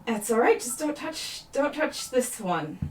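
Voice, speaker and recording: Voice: sits high, sing-song, unhurried, a little mellow, reverberant, far from the mic, slight background noise, pitched above the performer's own voice. A woman voicing a guarded, protective man who keeps a strained politeness while tense. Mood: tense polite. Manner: forced politeness through clenched tension.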